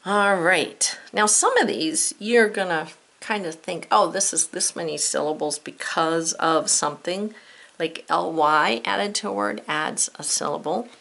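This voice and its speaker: A woman's voice: lowish voice, measured pace, vocal fry, fairly bright tone. A middle-aged woman teaching a children's spelling lesson, patient and step by step, sounding out words letter by letter.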